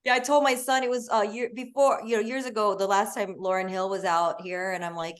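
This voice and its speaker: A woman's voice: mid-range voice, steady tone, quick pace, hardly any pauses. A woman in her forties from California, a chatty podcast guest who laughs often. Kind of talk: casual chat.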